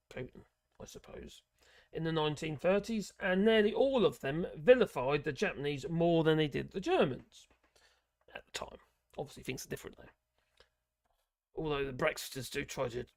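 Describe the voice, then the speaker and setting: A man hosting a political channel, reading an article aloud in a halting way with many fillers and adding sarcastic asides. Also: on the high side, creaky, no echo.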